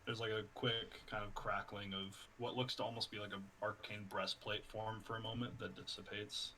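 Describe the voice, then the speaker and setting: A man's voice: fairly low pitch, little pitch movement, moderate pace, sharp tone, a little hiss or hum. A male player in a casual tabletop role-play, wry in tone.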